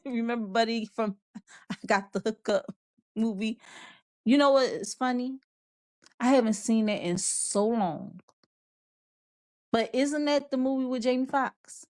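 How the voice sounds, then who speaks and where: A woman's voice: a little high, a little slow, no room sound. A woman hosting a live online show in a casual, rambling way. She laughs often and reads out viewer comments. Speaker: show host. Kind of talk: casual livestream chat.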